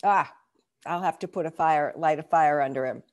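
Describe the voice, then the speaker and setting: A woman who is an author and management consultant, introducing herself in a measured, earnest way over a video call. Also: low-pitched. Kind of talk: self-introduction.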